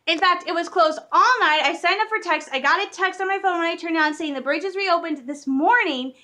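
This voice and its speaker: A woman's voice: very high voice, pushed and bright. A woman, vlogging in a rambling, chatty way, laughing often and correcting herself mid-sentence. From Michigan, USA. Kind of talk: casual vlog chat.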